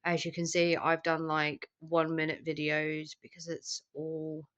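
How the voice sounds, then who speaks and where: A young woman with a low voice talks to camera while she is sick with the flu. She sounds tired and drained, and she rambles with lots of ums. Her illness wears on her voice throughout. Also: completely flat delivery, unhurried, fairly bright tone, clear, resonant tone. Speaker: vlogger. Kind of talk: casual catch-up vlog.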